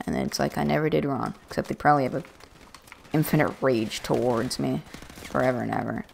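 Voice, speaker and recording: A woman's voice: rumbling low, fairly quick, gravelly, slight background noise. A woman giving chatty, rambling let's-play commentary with self-mocking jokes, into a USB desk microphone. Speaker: gaming video creator.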